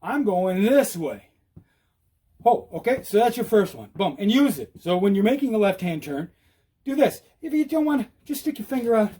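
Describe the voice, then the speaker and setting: A man giving an animated, repetitive how-to talk while riding outdoors, out of breath. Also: high-pitched, a little fast, husky. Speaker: e-bike vlogger. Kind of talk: casual instructional talk.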